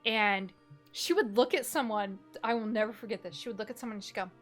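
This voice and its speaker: A woman chatting casually on a live stream, telling animated stories, swearing freely and laughing often. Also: medium pitch, fast, faint music behind. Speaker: streamer co-host.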